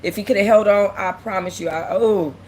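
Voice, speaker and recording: She speaks briskly in a mid-range, darkish voice, with slight background noise behind her. As host of a casual livestream, the young woman is frank and on the edge of tears, repeating herself as she reads and replies to viewer comments.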